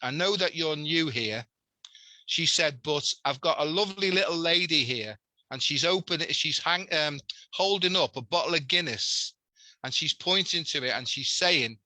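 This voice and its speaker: A Liverpool man speaks as a talk guest, telling a story in an animated, chatty way. His voice sits a little high and rings very bright. The recording is close and dry. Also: normal speed, no echo, poor audio. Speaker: guest, healer. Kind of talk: casual chat.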